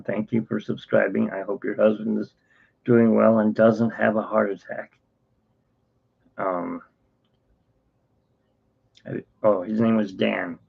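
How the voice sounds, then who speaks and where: A man's voice: on the low side, vocal fry, slightly rough. Tired man rambling through a story. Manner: rambling, self-interrupting, acts out quoted dialogue. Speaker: channel host. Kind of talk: casual storytelling vlog. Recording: dull lo-fi sound.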